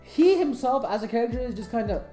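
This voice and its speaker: A woman giving casual anime commentary, excitable and emotional, swearing freely. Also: fairly high pitch, fast. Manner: excitable, profane, emotional fan talk. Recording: echoey room, faint music.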